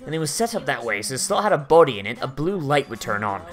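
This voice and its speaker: A let's-play narrator reading the lines of a calm, analytical young female detective in a low, even, measured voice. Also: soft background music, natural voice. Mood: explaining.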